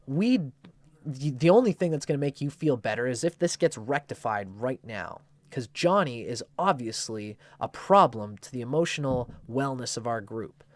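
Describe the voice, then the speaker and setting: A meddling housemate spreads outrage with a self-righteous, dramatic lilt, as a man puts the voice on. The voice pitches up into a shrill, theatrical register. The sound is dry and close. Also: lively intonation, normal speed, no room sound, close to an everyday voice. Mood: indignant. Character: meddling gossipy housemate, an adult of any sex.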